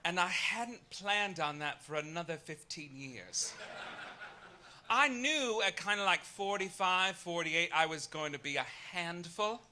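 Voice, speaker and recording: Campy male stand-up host, high lively voice, arch delivery with sudden loud outbursts. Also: unhurried. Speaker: comedic host. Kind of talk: live stand-up monologue. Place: live club stage.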